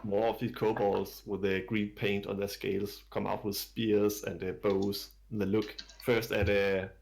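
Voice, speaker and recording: A man's voice: lowish voice, level tone, a little slow, creaky, a little mellow, slight background noise. A man narrating a tabletop game as dungeon master, describing scenes in a hesitant way full of fillers.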